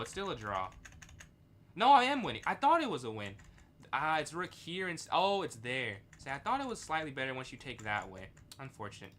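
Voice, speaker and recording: Young man, chess stream commentary, bright voice, thinks out loud, faint keyboard noise. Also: mid-range voice. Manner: thinks aloud, reads chat, excitable outbursts.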